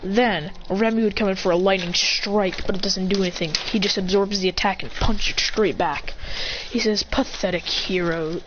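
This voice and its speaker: Woman storyteller, mid pitch, rambling improvised narration, dull lo-fi recording with faint noise. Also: normal speed, hardly any pauses. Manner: rambling, self-correcting. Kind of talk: improvised fan-fiction narration.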